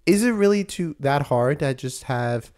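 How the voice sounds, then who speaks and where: A young man from New York co-hosting a podcast, ranting in a casual, animated way and laughing often. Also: fairly high pitch, normal speed. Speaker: podcast co-host. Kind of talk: casual chat.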